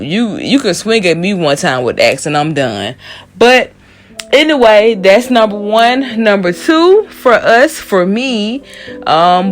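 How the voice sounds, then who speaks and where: Blunt, profane woman ranting on a recap. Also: on the low side. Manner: profane, blunt, heated opinions. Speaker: show recap host. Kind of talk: casual recap commentary.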